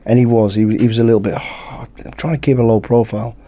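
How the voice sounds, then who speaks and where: A British man, a podcast guest, telling a lively anecdote in casual chat and acting out the dialogue. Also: mid-range voice, fast. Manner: lively anecdote-teller who acts out dialogue. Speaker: podcast guest, former bodyguard.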